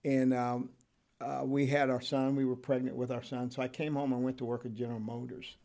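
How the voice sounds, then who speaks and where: A man's voice: mid-range voice, flat delivery, brisk, warm tone. Rambling older man telling his story. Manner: rambling, with frequent ums and restarts, laughs often. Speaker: interviewee, retired correctional officer. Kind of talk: storytelling interview.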